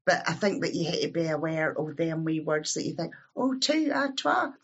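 Ulster Scots woman host, low, husky, chatty, dull lo-fi recording. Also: little pitch movement, brisk. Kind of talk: casual chat.

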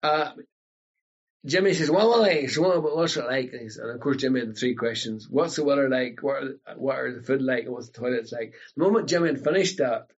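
A man from Northern Ireland with an Ulster Scots accent, chatting casually and telling animated stories. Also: mid-range voice, a little fast, husky, lo-fi sound. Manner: animated storyteller, breaks into local voices. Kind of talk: casual chat.

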